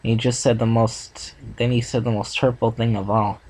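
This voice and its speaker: A man voicing an earnest, heartbroken female farm pony, reading her lines gently in a plain voice. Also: medium pitch, level tone, normal speed, natural voice, low-quality recording. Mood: sad, tearful.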